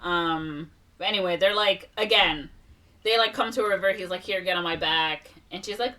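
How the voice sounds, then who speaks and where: A woman's voice: fairly low pitch, normal speed, far from the mic. Chatty young woman retelling a film. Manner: animated retelling, acting out characters' lines with laughs and fillers. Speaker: podcast co-host. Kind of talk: casual movie recap chat.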